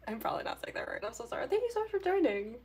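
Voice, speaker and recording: Her voice sits on the higher side, creaky, slightly mellow and husky. She's a young artist livestreaming her drawing, casually rambling to viewers with frequent giggles and lots of filler words.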